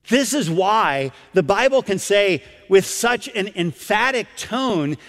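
A man preaching a sermon as pastor, emphatic, with dramatic pauses and questions put to the congregation. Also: high voice, very animated, a bit bright, big-room sound.

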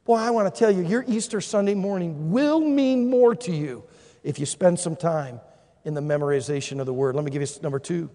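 A man preaching a sermon as pastor, impassioned and rising to shouts, in a large church auditorium. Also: a little high, brisk. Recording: long reverb of a large hall.

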